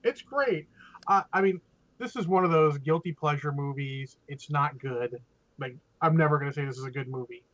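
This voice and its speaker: A man's voice: on the high side, moderate pace, highs cut off. A man hosting a podcast, chatting casually and jokingly about a movie he watched. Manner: animated, jokey movie reviewing. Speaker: podcast host. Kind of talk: casual chat.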